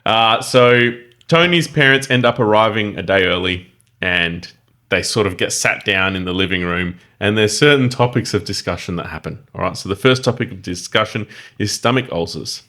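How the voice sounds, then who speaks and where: A man's voice: on the low side, normal speed, bright, forceful tone. A man co-hosting a casual podcast, working through his notes with frequent laughter. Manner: laughs often, good-humoured. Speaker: podcast co-host. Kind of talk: casual chat, reading from notes.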